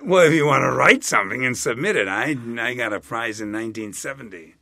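An older man in a casual interview, speaking in an animated, rambling way with chuckling asides. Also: medium pitch, a little fast, gravelly, no echo, clean studio sound. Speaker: interviewee, Latin expert.

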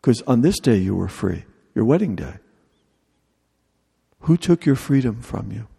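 Guy giving a sermon, gravelly and husky, joking around, long hall echo. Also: medium pitch, very animated, unhurried, warm tone. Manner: humorous, conversational preaching with mock dialogue. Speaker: preacher.

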